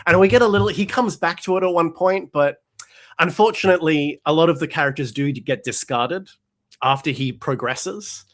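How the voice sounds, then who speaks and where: A man's voice: fairly high pitch, normal speed. A man in casual conversation as the host, talking with energy and slipping into little voices for characters. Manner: animated, acts out quoted characters, frequent restarts. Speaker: podcast host. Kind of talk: casual chat.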